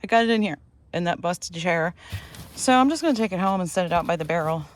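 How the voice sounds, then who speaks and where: A woman's voice: on the low side, animated, quick pace. A middle-aged woman chatting casually to her viewers as she works at a storage unit, rambling and correcting herself as she goes. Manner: rambling, self-correcting, talks to viewers while working. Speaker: lifestyle vlogger. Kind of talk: casual chatty vlog narration.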